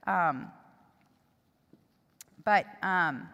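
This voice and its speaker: A middle-aged woman giving a personal testimony at a seminar, speaking in an emotional, halting way with pauses and restarts. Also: mid-range voice, animated, sharp tone. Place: church hall. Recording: long hall reverb.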